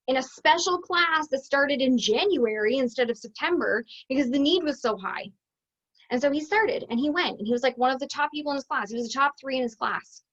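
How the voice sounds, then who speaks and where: A woman with a high voice tells a personal story to her viewers, chatty and expressive. The recording sounds a little dull and lo-fi. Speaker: business coach.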